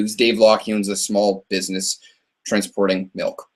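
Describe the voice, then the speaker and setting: A man's voice: lowish voice, little pitch movement, fairly quick. A man hosting a live ask-me-anything stream in a rambling, chatty way, laughing often between answers. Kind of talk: casual live-stream chat.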